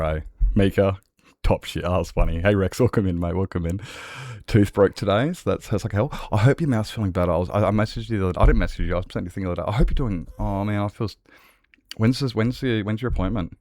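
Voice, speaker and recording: A man's voice: lowish voice, quick pace, darkish tone, no echo. An Australian man chatting casually and swearing freely with his viewers as a livestreamer, rambling from one thought to the next.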